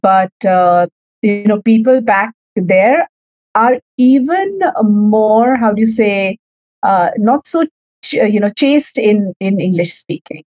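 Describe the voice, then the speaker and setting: A woman's voice: mid-range voice, expressive, takes it slowly, a little mellow, no echo, poor audio. A woman with an Indian accent, a guest in a conversational interview, talking with many fillers and restarts.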